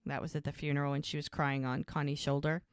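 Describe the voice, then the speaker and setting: Her voice sits low and smooth, moving at a quick pace as she, a podcast co-host, casually retells a TV episode's scenes in a lively way, saying "like" a lot. Clean studio sound, no echo.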